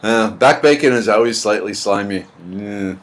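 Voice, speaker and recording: Speaking at a normal speed in a voice on the low side, a man hosts a relaxed home live stream. He reads chat, says hello to viewers by name and rambles with deadpan humor, all captured by his computer's built-in mic, not the one he usually uses.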